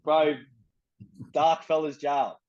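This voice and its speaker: A young man with a broad Australian accent tells his story in blunt, profane street slang, acting out the voices of everyone involved. His voice sits a little high for a man. The recording sounds slightly muffled and dull. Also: level tone, slow, darkish tone. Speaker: interviewee. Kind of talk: casual storytelling.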